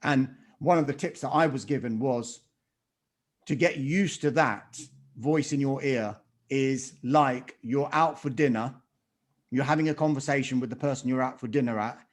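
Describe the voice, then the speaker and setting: Reflective man, soft trailing endings. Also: medium pitch. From Britain. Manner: reflective, trails off softly at ends. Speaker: guest, sports reporter. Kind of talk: interview answer.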